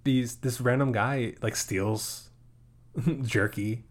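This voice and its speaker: A man co-hosting a relaxed movie podcast, who retells scenes in an animated way and slips into quoted lines. His voice sits at a middle pitch. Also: slow pace. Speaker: podcast co-host. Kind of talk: casual movie review chat.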